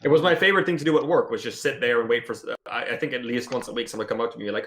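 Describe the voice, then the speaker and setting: Chatty man, mid-pitched. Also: racing, a bit bright, slight background noise. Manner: chatty, explains with enthusiasm. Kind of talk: casual chat among friends.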